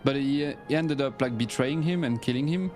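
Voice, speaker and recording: A man's voice: mid-range voice, normal speed, a little mellow, faint music behind. A man chatting casually while playing an online game, enthusiastic and full of fillers and restarts. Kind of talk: casual gaming chat.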